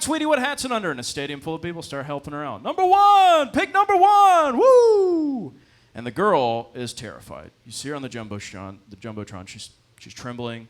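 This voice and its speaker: A man's voice: medium pitch, fairly bright tone. A young man telling a loose, profane stand-up story on a comedy club stage into a handheld mic.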